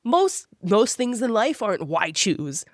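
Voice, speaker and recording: A woman co-hosting a book club podcast in casual chat, animated and slipping into quick character voices as she talks. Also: mid-range voice, no room sound, studio quality. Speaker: podcast co-host.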